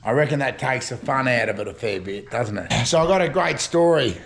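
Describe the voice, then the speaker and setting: A man's voice: medium pitch, lively intonation, a little fast, creaky. An older Australian man telling rambling, chuckling stories at home in casual slang. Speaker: storytelling vlogger. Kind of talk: casual yarn-spinning.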